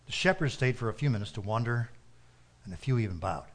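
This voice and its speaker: Brief: male narrator, mid-pitched, steady and earnest story reading. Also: fast talker.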